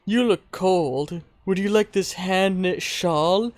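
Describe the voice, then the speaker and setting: A sweet, chatty older woman crafter offers homemade goods in a slow, folksy way, as a man reads her part. Her voice sits a touch high for a man. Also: no echo. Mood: gentle.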